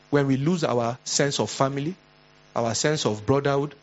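A male pastor with a Nigerian English accent, preaching an earnest, exhorting sermon with animated storytelling. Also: mid-range voice, moderate pace, muffled recording.

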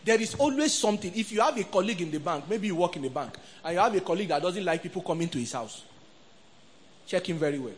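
Speaking fast in a high voice, with a bit of hiss or hum, a middle-aged pastor with a Nigerian accent leads his sermon. It's animated call-and-response with the congregation, with quoted voices acted out.

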